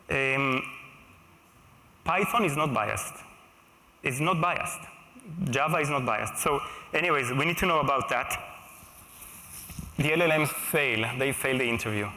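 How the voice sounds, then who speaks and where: Bright-voiced man giving a conference keynote. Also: medium pitch, a little hiss or hum. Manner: conversational, checks in with the audience. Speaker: keynote speaker. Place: stage at a large live conference. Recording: echoey large hall.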